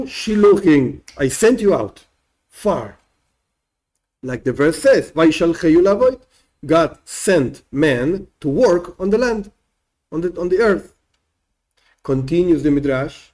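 A man's voice: sits high, darkish tone. A man teaching a religious text in an informal way. He acts out the quoted lines and repeats words as he explains.

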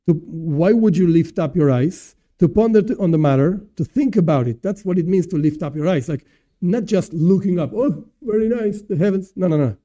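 Male Torah teacher, high voice with a mellow, dark tone, casual lecture pacing. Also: normal speed. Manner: animated, explanatory, asks and answers himself. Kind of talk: informal religious lesson.

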